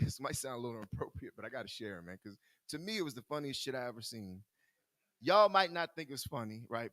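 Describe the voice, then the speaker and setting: A man shares his own story with a group in a loose, candid way, laughing often and repeating himself as he talks. His voice sits at an ordinary middle pitch and sounds close and dry, with almost no room around it. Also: a bit bright, dry recording. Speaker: speaker in recovery sharing his story. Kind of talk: personal storytelling to a live group.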